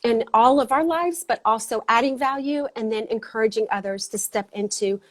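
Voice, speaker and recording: A woman hosting a casual motivational livestream on a video call, out of breath, excited and rambling with many fillers. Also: a little high, brisk. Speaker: host.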